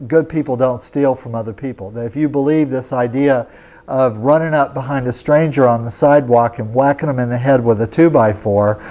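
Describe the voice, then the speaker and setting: Easygoing man telling a story, mellow voice. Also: mid-range voice, a little fast. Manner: casual and chatty, often checks in with "okay?". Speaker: yoga teacher. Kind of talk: storytelling in a lecture.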